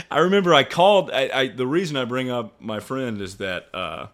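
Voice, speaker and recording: A young male streamer telling a story to his chat in casual talk, swearing freely and sounding incredulous. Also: moderate pace. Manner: animated, incredulous, swears freely, jumps to high pitch when mocking.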